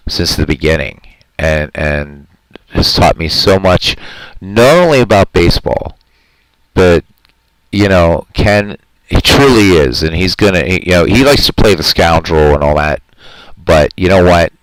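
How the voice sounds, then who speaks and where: A man's voice: deep voice, expressive, a little slow, a little hiss or hum, low-quality recording. A man hosting a live stream in casual chat, talking in an earnest, rambling, heartfelt way and answering his viewers' comments.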